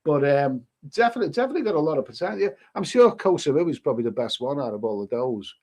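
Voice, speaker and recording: A man's voice: a little high, animated, racing, a little mellow. An older man from Liverpool with a Scouse accent, chatting casually on a live stream, rambling with frequent restarts and calling viewers "mate". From Liverpool, England. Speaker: travel vlogger hosting a live stream.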